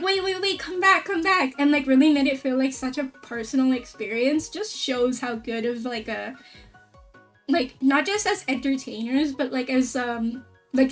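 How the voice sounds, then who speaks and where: A woman VTuber streamer chatting casually, excitable and rambling, with a lot of "like" fillers. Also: high-pitched, distant mic. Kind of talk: casual stream chat recap.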